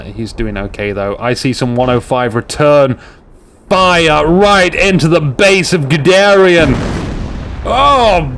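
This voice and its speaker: A man shoutcasting a strategy game, excitable and jokey, with rambling asides to his viewers. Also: a little high, noisy background. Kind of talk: live game commentary.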